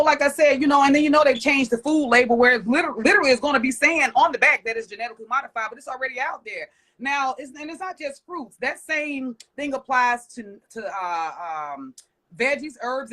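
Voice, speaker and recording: Bright, blunt woman chatting animatedly. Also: a little high. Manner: animated, rambling, blunt with casual swearing. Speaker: guest, urban farming business owner. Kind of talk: casual chat.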